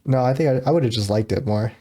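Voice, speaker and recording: A man's voice: medium pitch, fast talker, dark tone. A man co-hosting a podcast in casual, joking chat, acting out movie scenes in little voices. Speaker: podcast co-host.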